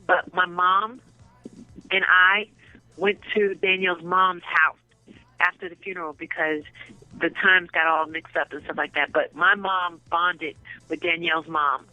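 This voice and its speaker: A woman with a bright, forceful voice tells raunchy stories in a casual interview, swearing freely and breaking into laughter. Her voice sounds dry and close to the mic, with faint music underneath. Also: on the low side, dry recording, dull audio. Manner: animated, profane, bursts into laughter. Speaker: interview guest. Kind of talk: casual storytelling.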